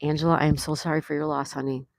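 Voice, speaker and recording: Low-voiced woman reading live chat. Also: little pitch movement, very fast, gravelly. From USA. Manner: reads viewer comments aloud and chats warmly. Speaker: livestream host. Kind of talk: casual live-stream chat. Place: outdoors.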